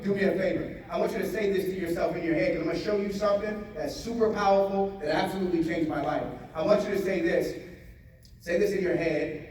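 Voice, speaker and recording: A man giving a motivational seminar talk to a live audience, animated, repeating phrases and getting the crowd to answer back. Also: sits high, fast talker, slight background noise. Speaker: motivational speaker. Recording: echoey hall, voice from a distance.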